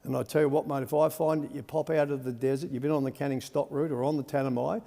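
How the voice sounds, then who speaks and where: An Australian senator giving a rambling, folksy farewell speech in parliament, calling the listener "mate" again and again. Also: male voice, medium pitch, steady tone, fast, creaky, warm tone. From Western Australia. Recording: reverberant parliamentary chamber.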